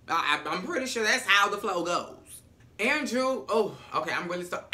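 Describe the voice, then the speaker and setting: A vlogger recapping a TV episode in a sassy, animated, profane storytelling manner. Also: mid-range voice, moderate pace.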